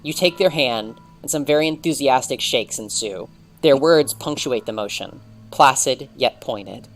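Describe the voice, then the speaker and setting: Gravelly man reading a story wryly. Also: mid-range voice, unhurried, faint music behind. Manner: wry, expressive second-person narration. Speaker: let's read narrator. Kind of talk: reading a visual novel aloud.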